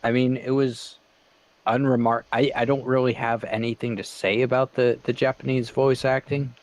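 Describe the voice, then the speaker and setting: A man co-hosting a podcast in casual chat, halting and deadpan with many fillers. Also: medium pitch, dry recording. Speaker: podcast co-host.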